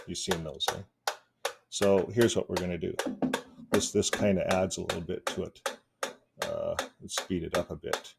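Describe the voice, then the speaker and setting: A man talking casually to camera in a relaxed, rambling vlog, often chuckling between points. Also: sits low, normal speed, gravelly, noisy background. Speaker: YouTube activist vlogger.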